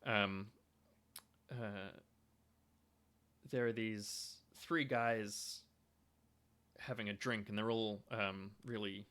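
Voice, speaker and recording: Bright-voiced man explaining with halting fillers. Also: lowish voice, steady tone, clear, resonant tone. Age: young adult. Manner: hesitant, lots of ums and restarts. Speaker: video lecturer on theory. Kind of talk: casual explanatory talk.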